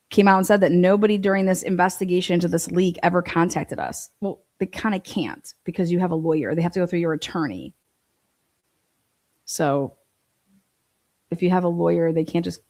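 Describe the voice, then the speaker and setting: A woman's voice: on the low side, normal speed, long pauses, darkish tone. A woman hosting a casual livestream, reading viewer comments and talking bluntly with frequent swearing. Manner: blunt, profane, fired up. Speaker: livestream host.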